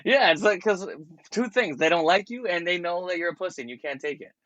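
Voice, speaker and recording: A man's voice: sits high, brisk, a bit bright, no echo, dull audio. A man who is a comedian, telling stories in a laid-back, slangy way and laughing often in a casual podcast chat. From Canada. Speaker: comedian guest.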